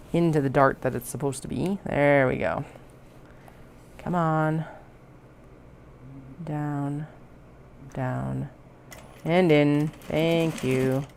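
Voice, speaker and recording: A woman with a low voice and a gravelly fry narrates her sewing in a relaxed, chatty way. She murmurs to herself between steps. A faint hiss sits behind her. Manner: chatty, self-talking while working. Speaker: crafter sewing on stream. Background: sewing machine running.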